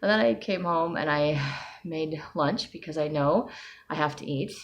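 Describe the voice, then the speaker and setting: A middle-aged woman vlogging casually, tired with a migraine, rambling with sighs and soft laughs. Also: deep voice, moderate pace, lo-fi sound. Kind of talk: casual personal vlog.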